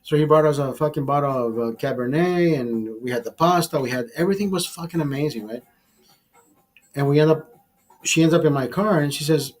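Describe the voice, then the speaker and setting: A man hosting a livestream tells a crude, bitter story, swearing heavily throughout the rant. His voice is fairly high in pitch and a little fast.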